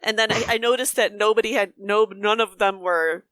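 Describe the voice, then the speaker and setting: A woman's voice: medium pitch, fairly even intonation, moderate pace, a bit bright, dry recording. A woman in her thirties, chatting as a guest in a casual conversation and laughing often.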